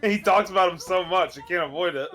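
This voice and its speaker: A man's voice: sits high, fast talker, sharp tone, rough recording. A man joining a friend's gaming stream, laid-back and laughing a lot, swearing casually. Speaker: guest playing along on the stream. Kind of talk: casual chat while gaming.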